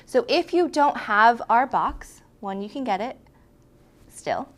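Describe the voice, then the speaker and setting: A woman's voice: a little high, lively intonation, slow. Female art instructor, casual and encouraging, talks through each step as she demonstrates. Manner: chatty, encouraging, self-correcting as she demonstrates. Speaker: lettering instructor. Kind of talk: casual hands-on tutorial.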